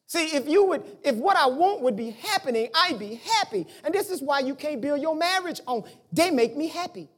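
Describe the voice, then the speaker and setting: Man, preacher, sermon, high voice, animated delivery, colloquial, bursts of shouting.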